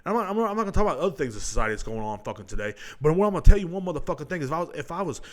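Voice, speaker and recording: Young male podcast host from Texas, profane rambling ranter, lively pitch swings. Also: very fast. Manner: profane, rambling, animated ranting. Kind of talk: casual solo rant.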